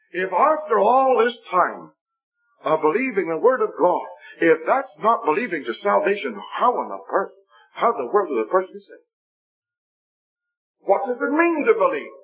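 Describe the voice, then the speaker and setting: A man's voice: high voice, breathy edge. A man preaching a testimony sermon, telling a story and acting out the voices in quoted dialogue. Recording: dull lo-fi recording.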